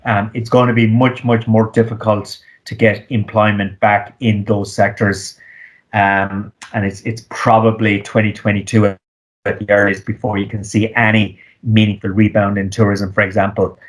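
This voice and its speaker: A man, an economist, giving measured interview answers with frequent ums and restarts. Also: fairly low pitch, level tone. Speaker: economist guest.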